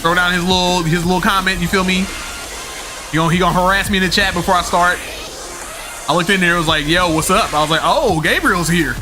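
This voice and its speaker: A young man with a high voice talks to his stream's chat, rambling casually and slangily with plenty of fillers and the odd swear word. Game music plays clearly underneath. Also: level tone, fast, long pauses. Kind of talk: live-stream chat with viewers.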